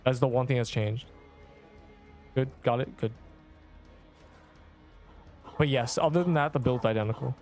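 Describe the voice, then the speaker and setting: A young man in his twenties talks through a game livestream, answering chat in a loose, rambling, slangy way full of restarts. His voice sits at an ordinary middle pitch, with faint game music underneath. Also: measured pace, long pauses, darkish tone. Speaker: game streamer.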